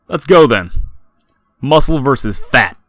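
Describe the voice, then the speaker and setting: A man's voice: medium pitch, expressive, a little slow, fairly bright tone, no echo, faint music behind, pitched above the performer's own voice. A man voicing a crude, mocking young frat boy who taunts and bullies. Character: sneering young male frat boy bully.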